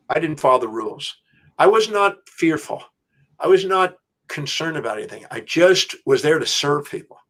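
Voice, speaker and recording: A middle-aged man, an interview guest, telling a story in an animated, emphatic way, with restarts. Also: on the high side. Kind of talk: storytelling anecdote.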